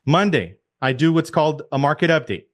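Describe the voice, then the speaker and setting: Coaching his real estate team on a video call, a man speaks with energy, hammering his main points repeatedly and throwing rhetorical questions at the group. He talks fairly quickly in a voice on the high side.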